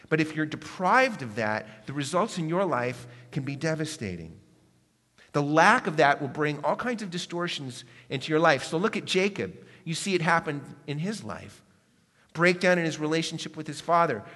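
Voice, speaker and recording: A man preaching a sermon in earnest tones, rising to emphatic peaks and dropping to hushed asides. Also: on the high side. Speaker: pastor. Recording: echoey hall.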